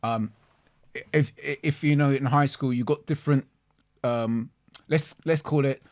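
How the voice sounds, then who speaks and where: A man's voice: mid-range voice, fairly even intonation, a little slow, a little mellow. A man co-hosting a casual podcast chat, telling stories animatedly and often repeating words. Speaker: podcast co-host.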